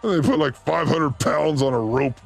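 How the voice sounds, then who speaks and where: A man hosting a livestream, reacting to clips with crude, excitable jokes. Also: on the high side, normal speed, gravelly, faint music behind. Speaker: show host reacting to clips. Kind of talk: livestream clip commentary.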